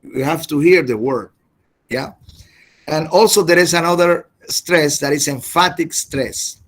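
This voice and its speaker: A man teaching an English class over a video call, halting and often repeating words as he explains. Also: fairly high pitch, fairly bright tone. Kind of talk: online class lecture.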